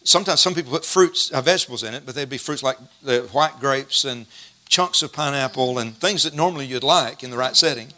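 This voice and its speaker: A middle-aged man preaching a sermon, folksy and storytelling, slowing down to stress scripture verses. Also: medium pitch, sharp tone.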